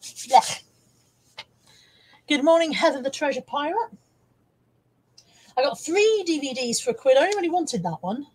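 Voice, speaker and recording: A woman's voice: high voice, very animated, a little fast, pauses often, a little mellow, poor audio. A middle-aged woman hosting a casual live stream from home. She chats and teases as she reads out viewers' comments and shows off the things she has bought to resell. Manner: chatty and teasing, reading out viewer comments. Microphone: camera on a wire, close by.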